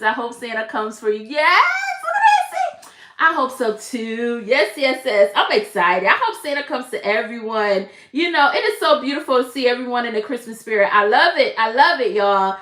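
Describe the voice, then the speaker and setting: A woman's voice: fairly high pitch, fairly bright tone. A woman hosting a casual crochet live stream, chatting and greeting viewers by name. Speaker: crochet livestream host. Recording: echoey room.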